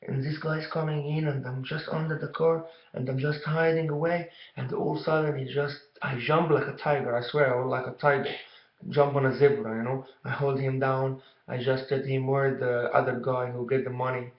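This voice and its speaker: Guy telling a story to camera, flat even voice, lots of you know, echoey dull room. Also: mid-range voice. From Egypt. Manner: rambling, halting, fillers like you know.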